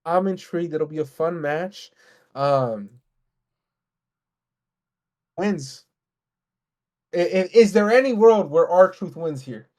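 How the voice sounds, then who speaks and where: A man co-hosting a casual podcast, ranting in a heated, profane, fast way. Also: on the high side, expressive, a little mellow. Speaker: podcast co-host. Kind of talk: casual wrestling podcast rant.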